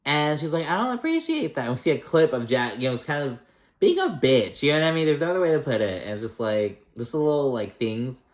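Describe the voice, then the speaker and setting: A man's voice: mid-range voice, expressive, brisk. Profane chatty man recapping in an echoey room. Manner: chatty and profane, acts out quotes in mock voices. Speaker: reality TV recap host. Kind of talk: casual recap chat.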